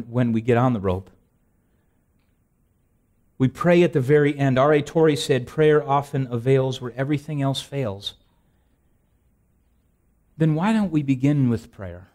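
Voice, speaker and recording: A man's voice: medium pitch, a little mellow. A man gives a sermon in a mid-range voice, talking to the congregation more than declaiming. He leans on rhetorical questions and repeats key phrases, restarting sentences as he goes. Self-deprecating humor runs through his preaching. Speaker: pastor.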